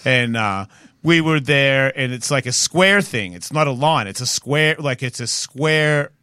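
A man's voice: mid-range voice, a little slow, pushed and bright, clean tone, no echo. A man in his forties with an Australian accent, a podcast guest telling rambling stories in a blunt, profane way. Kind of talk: casual chat.

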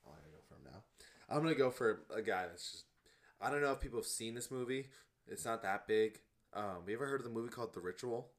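Young male podcast co-host, animated and laughing, hiccuping through casual chat. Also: lowish voice, quick pace. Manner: animated, laughs loudly, says bro and dude. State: has the hiccups.

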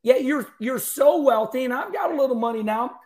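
A man hosting a casual conversation, speaking earnestly and admiringly in quick bursts. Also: very high voice, animated, darkish tone. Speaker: host.

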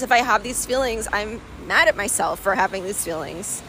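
A woman's voice: medium pitch, a little fast, few pauses, a bit bright. Woman, candid vlog, emotional, rambling with fillers, outdoors, faint street traffic. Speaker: vlogger. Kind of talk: candid personal vlog monologue.

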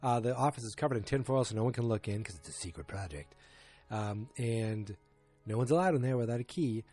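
Husky man rambling through a recap. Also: medium pitch, brisk, mellow, faint music behind. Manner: rambling, thinking aloud with many restarts. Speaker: TV episode recapper. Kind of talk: casual episode recap.

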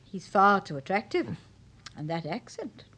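An actress playing a witty, teasing wife in a radio drama. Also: female voice, mid-range voice, unhurried. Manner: teasing, lively. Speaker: detective's wife.

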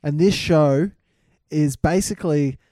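Laid-back Australian man, mellow voice. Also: fairly high pitch, measured pace, no echo, clean studio sound. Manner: laid-back, crude, storytelling. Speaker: podcast co-host. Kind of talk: casual chat.

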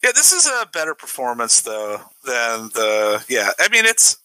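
A man's voice: medium pitch, huge pitch swings, a little slow, pushed and bright, no room sound, rough recording. A man around forty co-hosting a podcast, giving hesitant, wry opinions on a film. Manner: hesitant, many restarts, wry. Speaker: podcast co-host. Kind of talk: casual film discussion.

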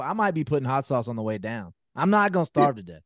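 A man's voice: medium pitch, quick pace, no echo. Dry-sounding joking male co-host. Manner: storytelling, jokey, animated asides. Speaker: podcast co-host. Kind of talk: casual podcast chat.

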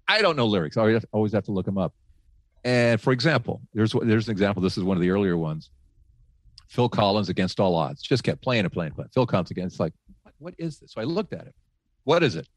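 A man who once worked as a radio host, telling faith stories in casual talk, animated, laughing often and restarting his sentences. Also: fairly low pitch, fast, no echo. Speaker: guest, former radio host.

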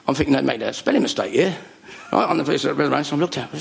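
A middle-aged man telling comic stories to a live audience, animated and full of jokes and voices. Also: fairly high pitch, quick pace, creaky. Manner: animated joke-telling, does voices and laughs. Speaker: comedian guest.

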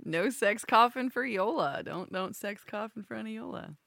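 A woman's voice: mid-range voice, animated, moderate pace, gravelly, fairly bright tone, no room sound, studio quality. A woman hosting a casual panel podcast, wrapping up segments with wry remarks. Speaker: podcast host.

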